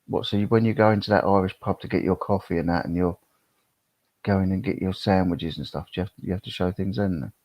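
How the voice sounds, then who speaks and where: On a live stream, a middle-aged man rambles casually and reads chat comments aloud, fairly quick and with fairly even intonation. He has a deep, husky, gravelly voice, heard in a dull, lo-fi recording with no room sound.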